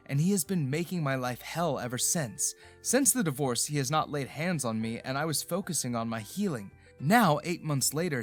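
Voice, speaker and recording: Man narrating a story over soft music. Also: medium pitch. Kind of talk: scripted first-person story narration. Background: soft background music.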